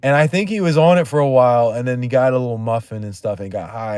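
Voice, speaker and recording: A man's voice: mid-range voice, fast, few pauses, a little mellow, clear, resonant tone, no room sound, studio quality. A man hosting a livestream in loose, profane, rambling chat, laughing often and trailing off mid-thought. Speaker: livestream host.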